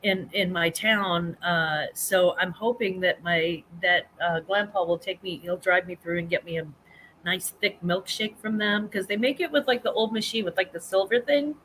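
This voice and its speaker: A woman's voice: on the low side, moderate pace, a bit bright, slight background noise. A middle-aged woman hosting a casual live chat stream from home, rambling and reading comments, laughing often and restarting her sentences.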